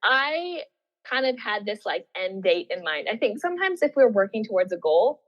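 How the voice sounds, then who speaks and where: A woman recounts her experience at an easy, chatty pace, laughing often and putting on her past self's excited voice. The audio is dull and muffled, with a long reverb trailing behind her. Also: medium pitch, normal speed. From Australia. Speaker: guest, former Olympian. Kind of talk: casual storytelling interview.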